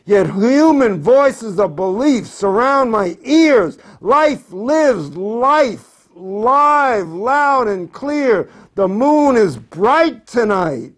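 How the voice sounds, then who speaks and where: A poet reciting his own verse at home, his voice sitting high for a man. He reads in a slow, measured way and repeats lines for weight. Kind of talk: poetry reading.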